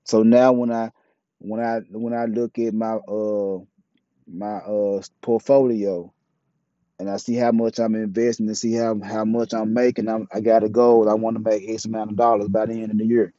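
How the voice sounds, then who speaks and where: A man holds forth in a blunt, profane, preachy monologue. His voice is dark and mellow. The dry, dull recording sounds lo-fi. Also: on the low side, level tone, moderate pace, no room sound. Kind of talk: casual monologue, opinionated.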